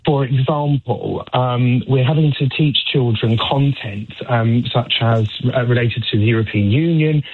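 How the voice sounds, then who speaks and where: A male languages teacher calling into a radio phone-in, hesitant and filling pauses with ums. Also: medium pitch. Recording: phone line.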